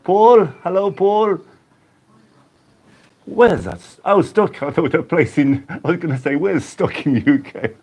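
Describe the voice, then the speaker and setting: A chatty English man runs a casual live stream, reading out viewers' names and laughing as he goes. His voice sits a bit high for a man, with a relaxed, rambling manner. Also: unhurried. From England. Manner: chatty, laughs often, greets viewers by name. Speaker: YouTube host reading live chat.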